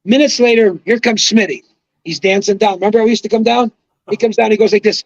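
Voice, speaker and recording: An older man telling an animated story as a podcast guest, excitable, swearing and acting out quotes. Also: high voice, fast, no room sound, lo-fi sound.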